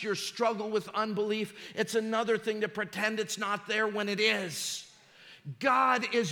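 Fervent preacher in a reverberant hall. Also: male voice, high-pitched, little pitch movement, measured pace, pushed and bright. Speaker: pastor. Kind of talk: sermon.

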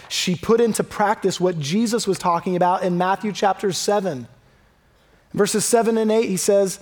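High-voiced conversational male preacher. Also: moderate pace. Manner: conversational, emphatic, drops low and quiet for scripture. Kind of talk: sermon.

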